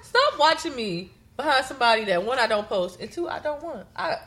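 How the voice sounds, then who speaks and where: A woman guest on a podcast in casual chat, candid and quick to laugh. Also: sits high, sing-song, fairly bright tone.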